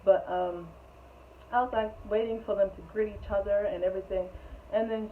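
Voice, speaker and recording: A woman's voice: mid-range voice, moderate pace. Lady rambling through a storytime, lots of "like", sounds tinny like a phone, bit of hiss. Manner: animated, rambling, full of "like". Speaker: vlogger. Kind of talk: storytime vlog.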